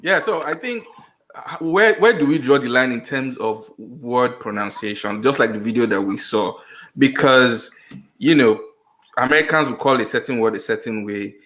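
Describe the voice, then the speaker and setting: A man's voice: medium pitch, normal speed, a bit bright. A man from Nigeria in a casual podcast discussion over a video call, speaking hesitantly with restarts. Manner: hesitant, restarts, laughs easily. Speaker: podcast co-host.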